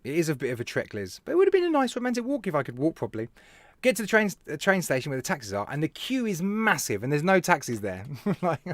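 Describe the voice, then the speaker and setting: A man with a British accent hosting a casual live stream, telling stories in an animated way, laughing and talking to viewers by name. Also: fairly high pitch, fast talker, dry recording. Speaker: live show host, vape reviewer.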